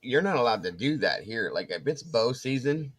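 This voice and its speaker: A man's voice: medium pitch, normal speed, breathy edge. A man telling a story in casual chat, acting out the voices of the people in it. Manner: animated storyteller, acts out quoted voices. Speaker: co-host.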